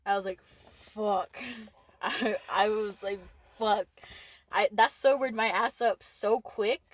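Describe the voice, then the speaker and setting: A woman's voice: medium pitch, fairly even intonation, slow, no echo. A young woman with a Texan accent, co-hosting a casual podcast and telling stories with lots of laughter and swearing. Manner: laughing storyteller, swears freely. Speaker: podcast co-host. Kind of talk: casual chat.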